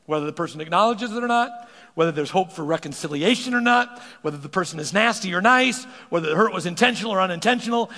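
A pastor preaches with a gravelly, slightly raised voice, stumbling over repeated words as he gathers steam. The sound carries a long reverb from the church around him. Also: sits high, quick pace. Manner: animated preaching, repeats words when starting sentences. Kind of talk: sermon.

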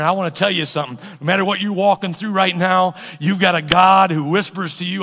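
A male pastor preaches with emphatic call-and-response energy. His voice is high, bright and gravelly. The sound carries a long reverb from a large sanctuary. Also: fairly even intonation, fairly quick, hardly any pauses. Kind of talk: sermon.

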